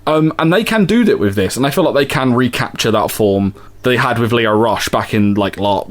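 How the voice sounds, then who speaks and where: A man's voice: mid-range voice, expressive, moderate pace. A man co-hosting a podcast in casual, rambling chat, often mimicking voices mockingly. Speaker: podcast co-host.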